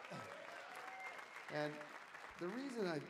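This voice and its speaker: A man telling a rambling story from the stage of a concert hall, animated and laughing, shouting out the lines he quotes. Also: sits high, takes it slowly, a loud crowd. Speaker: musician telling stories on stage. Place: concert hall, live audience. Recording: audience tape in a reverberant hall, faint noise.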